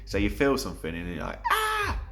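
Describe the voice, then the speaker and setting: Low-voiced man thinking aloud. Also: normal speed, very noisy. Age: 30s. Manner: earnest, rambling, thinking aloud with many restarts. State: getting choked up. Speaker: vlogger. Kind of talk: reflective vlog monologue.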